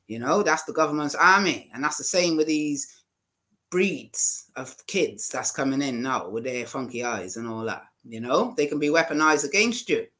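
Guy hosting his channel, bright forceful voice, keeps going "right? you know?". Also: a little high, expressive, moderate pace. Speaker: channel host. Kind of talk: casual opinionated talk.

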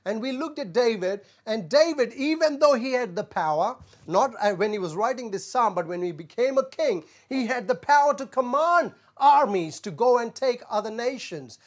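A man's voice: extremely high pitch, expressive, moderate pace, few pauses. A man preaching a sermon as a pastor, earnest and repetitive, often saying "Amen" and stumbling on fillers. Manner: stumbles on filler sounds when searching for words.

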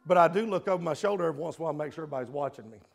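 Passionate man preaching, high-voiced. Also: animated, very fast, gravelly. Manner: emotional, swings from loud to hushed. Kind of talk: sermon.

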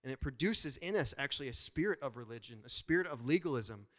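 A man preaching a sermon to his congregation as their pastor, in an animated, conversational way with playful asides. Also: mid-range voice, quick pace, long reverb tail.

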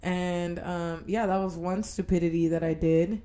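A woman's voice: fairly low pitch, fairly even intonation, measured pace, warm tone. A young woman co-hosting a podcast, talking frankly and teasingly, laughing often. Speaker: podcast co-host. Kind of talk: candid casual chat.

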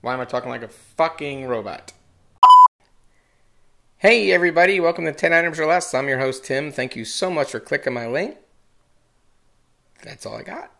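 A man's voice: a little high, animated, moderate pace, creaky, pauses often, bright, forceful tone, slight background noise. A man hosting a casual podcast, swearing and laughing at himself as he restarts his intro again and again. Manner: profane, self-mocking, restarts often. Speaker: podcast host.

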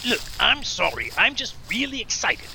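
A man voicing an excitable, naive male demon who stammers and gets easily distracted in an audio drama. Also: high voice, normal speed, creaky, slight background noise, heavily acted. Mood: nervous excited.

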